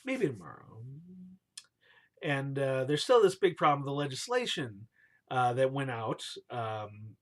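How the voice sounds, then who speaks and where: A man's voice: mid-range voice, measured pace. A man retelling a scripture story casually and playfully, cheering and booing the names as he goes, in slangy speech.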